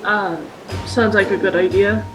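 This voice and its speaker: Brief: easygoing male player talking in character, clear music underneath. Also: high voice, steady tone, unhurried, low-quality recording. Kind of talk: in-character tabletop play. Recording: music playing behind.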